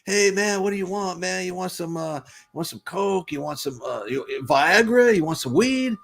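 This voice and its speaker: A man's voice: sits high, expressive, moderate pace, gravelly, fairly bright tone, pitched above the performer's own voice, heavily acted. A man putting on a pushy bartender hustler. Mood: hustling. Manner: coaxing, insistent.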